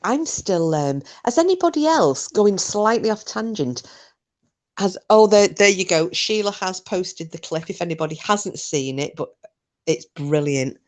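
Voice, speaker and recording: A woman's voice: fairly low pitch, sing-song, measured pace. A woman hosting a live chat with viewers, talking bluntly and casually, swearing freely. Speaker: livestream host chatting with viewers.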